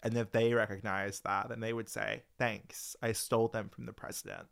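A man co-hosting a podcast with a slight speech impediment that drops his R's, a New York-area accent, and dry, deadpan quips. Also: lowish voice, normal speed, vocal fry. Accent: Long Island and Queens. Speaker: podcast co-host. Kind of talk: casual chat.

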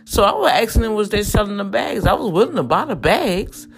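A woman's voice: mid-range voice, very animated, a little fast, creaky. A woman telling a personal story to her viewers in a chatty way, often turning to them and repeating words as she goes. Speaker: vlogger sharing a personal story.

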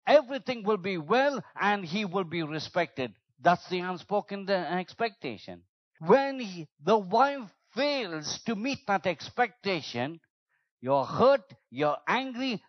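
Animated male preacher, high lively voice. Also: dry recording, highs cut off. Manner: animated preaching, acts out quoted complaints in a lower voice. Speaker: pastor. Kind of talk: sermon.

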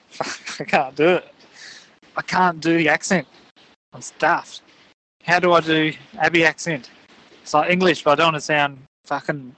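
A man co-hosting a casual podcast with a slightly high, slow delivery. He swears freely and keeps stopping to restart. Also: pushed and bright, poor audio. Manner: frequent swearing, flustered restarts. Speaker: podcast co-host. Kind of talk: casual chat, fumbling a recorded segment.

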